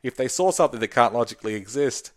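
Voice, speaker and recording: This tabletop game podcast co-host has a medium-pitched, expressive voice and talks fast. He chats casually and rambles about the game, swearing freely and laughing a lot.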